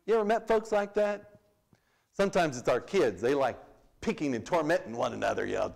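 A man's voice: fairly high pitch, a little mellow. A man teaching a church Bible class in a conversational way, reading scripture aloud and then paraphrasing it in plain talk.

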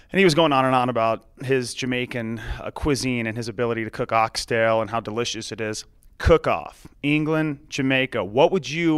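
A man's voice: medium pitch, fairly bright tone, clear, resonant tone, no echo, clean studio sound. A man hosting a sports radio interview, asking playful, joking questions.

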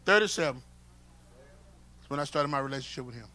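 A male pastor, preaching a sermon and moving from shouts and call-and-response to quiet, close talk. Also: medium pitch, lively intonation, quick pace. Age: 50s. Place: church sanctuary with congregation.

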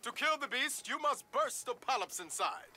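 A pompous young LARP fan, speaks in grand old-fashioned phrases. His voice sits high and bright, and it swings up and down with theatrical flair. This is video game dialogue. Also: animated, moderate pace, heavily acted. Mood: grandiose. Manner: grand archaic speech, snaps into plain swearing. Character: young male LARP fan, pompous mock-medieval talk.

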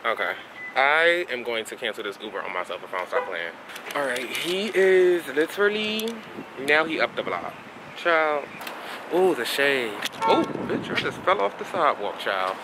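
A man's voice: mid-range voice, animated, moderate pace. A man vlogging while on the move, exclaiming and ranting in sassy slang into a handheld camera. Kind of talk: casual vlog chat. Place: streets and a train around Long Island and the city. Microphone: handheld phone or camera. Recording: noisy outdoor phone recording.

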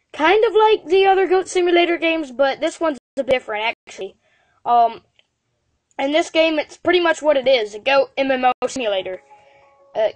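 Excitable high-voiced woman gamer. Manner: excitable, exclaims and stammers often. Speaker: game channel host. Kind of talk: casual gameplay commentary.

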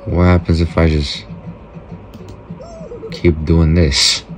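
A man's voice: very deep voice, level tone, slow, faint music behind. A man casually commenting on a mobile game, joking, mock-talking to kids and often trailing off mid-sentence. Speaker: gameplay host.

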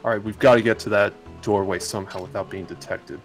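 Calm, dry co-host guy. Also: on the low side, quick pace, faint music behind. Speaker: co-commentator on a game stream. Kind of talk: casual let's-play commentary.

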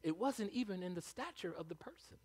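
A man preaching a sermon as pastor, animated, swinging from hushed asides to loud calls. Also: sits high, a little fast, breathy edge.

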